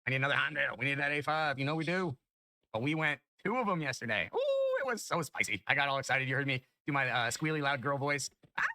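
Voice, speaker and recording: Fast, bright-voiced excitable gamer man. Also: no room sound, poor audio. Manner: excitable, chatty, bursts into high-pitched excitement at drops. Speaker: gaming YouTuber. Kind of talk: casual gameplay commentary. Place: home room.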